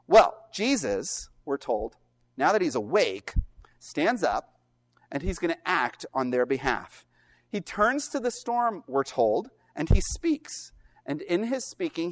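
A man preaching a sermon, retelling a scripture passage with emphatic rhetorical questions. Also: a little high. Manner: animated storytelling with rhetorical questions; emphatic and earnest.

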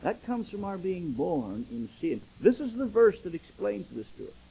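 A man's voice: high-pitched, sing-song, normal speed, gravelly, dark tone, slight background noise, low-quality recording. An older man, a pastor, preaching a sermon and acting out dialogue as he tells stories.

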